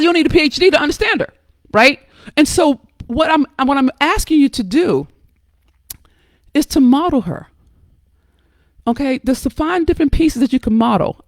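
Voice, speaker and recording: An outspoken woman from the United States gives a motivational talk with a fairly high voice, pressing her points hard and tossing in curses. She keeps checking in with her listeners and restarts words as she goes. The sound is dry and close, with no room around it. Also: fairly bright tone, no echo. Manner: emphatic and preachy, frequent "okay?" and "right?" check-ins; blunt, curses freely. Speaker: host giving advice to women.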